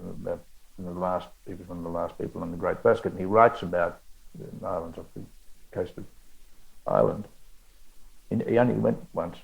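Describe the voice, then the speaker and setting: An older Australian man, an author in conversation at a bookshop event, telling rambling anecdotes with halting restarts. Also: low-pitched, vocal fry, lo-fi sound. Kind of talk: onstage literary conversation.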